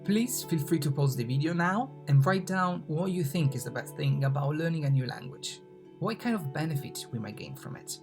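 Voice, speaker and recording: Music plays in the background as an animated teacher with a mid-range voice gives an Italian lesson online, slowly and patiently sounding out letters and repeating words.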